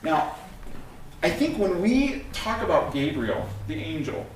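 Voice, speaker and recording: Middle-aged male pastor, lively storytelling sermon, a bit high-pitched, recorded far off in a reverberant church with faint background noise. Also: a little slow. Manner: animated storytelling, acts out scenes. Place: church sanctuary. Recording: echoey room from a distant mic, faint noise.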